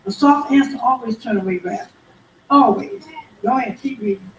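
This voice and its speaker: A woman leading a Bible study, animated and calling for amens as she reads scripture. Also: on the high side, moderate pace, slight background noise. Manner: animated, calls for amen, reads scripture aloud. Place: church room. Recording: roomy, distant mic, faint background.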